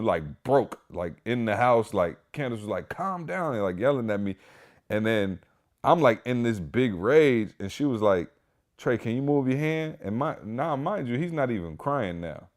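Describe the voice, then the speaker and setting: Guy with a lowish voice telling a story all fired up, lots of likes and restarts, talking right to the listeners. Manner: animated, speaks straight to listeners; many fillers, restarts. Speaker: podcast host. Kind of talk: casual storytelling.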